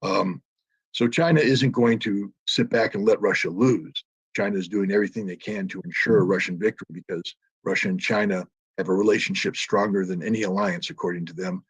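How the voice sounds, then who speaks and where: A man on a panel answering an audience question with measured expert analysis, full of fillers and restarts. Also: on the low side, husky, no room sound.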